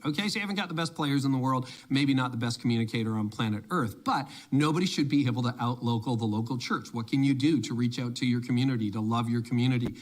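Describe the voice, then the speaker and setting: This is a man giving a conference talk on church leadership. He speaks at an ordinary pitch, with an emphatic, energetic delivery, and slips into the voices of imagined people he quotes.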